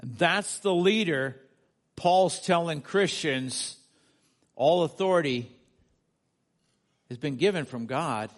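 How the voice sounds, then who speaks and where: A man's voice: a little high, takes it slowly, long pauses. A male pastor preaching a sermon from the United States, earnest, building to emphatic peaks and asking the congregation questions.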